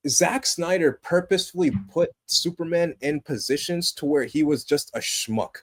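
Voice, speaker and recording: Young adult male podcast co-host, slightly high pitch, animated and earnest, casual review chat. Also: normal speed. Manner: animated, passionate, swings between loud excitement and low earnest tones.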